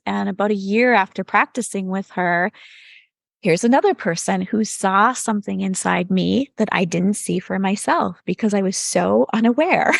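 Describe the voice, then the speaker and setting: A woman's voice: mid-range voice, gravelly, no echo, clean studio sound. A middle-aged woman, a yoga teacher and podcast guest, earnestly telling her personal story and reflecting on turning points in her life.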